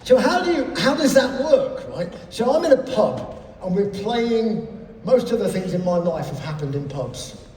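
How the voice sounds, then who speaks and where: English man in his 60s, sweary stage storyteller, animated and high, distant in a hall. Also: a little slow, a little hiss or hum. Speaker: keynote speaker. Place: large live venue. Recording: echoey hall from far off.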